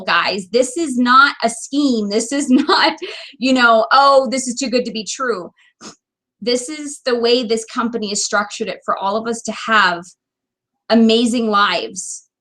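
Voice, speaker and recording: A woman's voice: fairly high pitch, bright, forceful tone. A woman leading a sales team, giving an earnest, emotional motivational talk straight to camera. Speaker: direct sales team leader.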